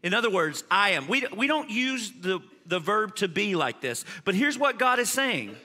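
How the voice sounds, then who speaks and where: Male pastor, animated sermon delivery, bright edge, reverberant hall sound. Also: high-pitched, normal speed. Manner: animated preaching, swings from loud emphasis to quiet asides.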